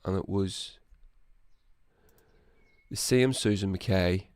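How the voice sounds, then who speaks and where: A man's voice: deep voice, extremely slow, darkish tone, clean tone, dry recording. Blunt, rambling man. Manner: rambling, blunt, swears, frequent restarts. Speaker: political commentary host. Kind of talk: casual solo commentary.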